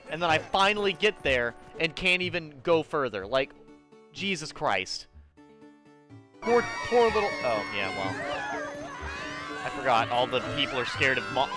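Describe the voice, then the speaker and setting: A man streaming a video game live, ranting and excitable in casual commentary, swearing freely at the game and chatting to his viewers. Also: on the high side. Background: game music.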